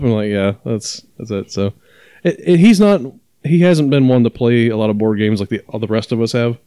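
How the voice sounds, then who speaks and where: A man's voice: mid-range voice, brisk, mellow, clear, resonant tone, no echo. A man co-hosting a podcast in casual chat, explaining things at length with many fillers and restarts. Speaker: podcast co-host.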